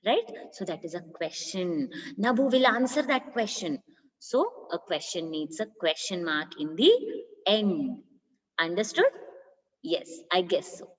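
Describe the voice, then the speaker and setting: A woman teacher with an Indian English accent talks a primary class through punctuation, slowly and patiently, her pitch rising and falling a lot. She keeps checking that the children follow. The recording sounds dull and lo-fi, with a long reverb trailing each phrase. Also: lively intonation. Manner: slow, patient, asks for agreement. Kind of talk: primary school grammar lesson.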